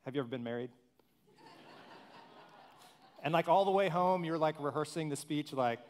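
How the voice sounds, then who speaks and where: Animated, conversational man preaching. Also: fairly high pitch, normal speed. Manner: animated, humorous asides, acts out quotes. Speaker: pastor. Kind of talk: conversational sermon.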